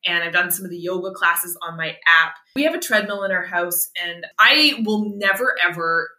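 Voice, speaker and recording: A woman in her thirties from Canada, a sports medicine doctor telling stories as a podcast guest, animated and quick to laugh. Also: lowish voice. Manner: animated, laughs often, acts out quotes. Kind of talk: casual podcast storytelling. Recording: roomy echo.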